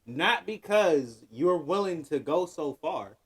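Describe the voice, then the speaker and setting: A man's voice: fairly high pitch, animated, slow pace, husky. A man co-hosting a podcast, talking sports in blunt, profane, opinionated rants and laughing often. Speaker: podcast co-host. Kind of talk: casual sports banter.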